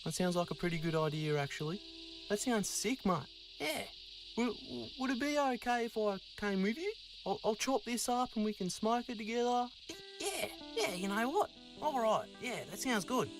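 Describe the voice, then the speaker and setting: A man's voice: sits high, expressive, normal speed, over music, rough recording. A man playing Sassy, a cheeky Aussie Sasquatch. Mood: keen. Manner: swearing, matey and pushy. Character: friendly eager young male Sasquatch, crude and chatty. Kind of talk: voicing characters over gameplay.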